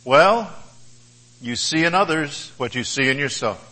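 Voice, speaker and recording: A man voicing a calm, kindly Buddhist monk in a story he tells during a sermon, speaking gently and unbothered. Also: fairly high pitch, measured pace, low-quality recording. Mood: serene. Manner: genteel, kindly, unruffled.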